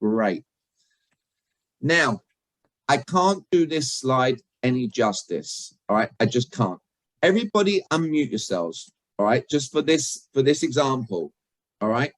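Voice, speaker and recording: A man's voice: medium pitch, big pitch swings, a little slow, no echo, low-quality recording. British-born man teaching a chatty video-call workshop. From Britain. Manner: chatty, jokey, asks the audience questions. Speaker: communication trainer. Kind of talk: interactive online workshop.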